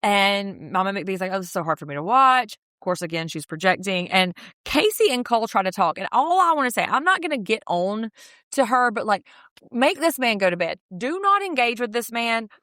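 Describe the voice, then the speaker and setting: A woman's voice: medium pitch, sing-song, fairly quick, bright, forceful tone, dry recording, studio quality. A middle-aged woman co-hosting a podcast, chatting casually about a reality show and acting out quotes in mocking voices. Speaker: podcast co-host. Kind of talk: casual reality-TV recap chat.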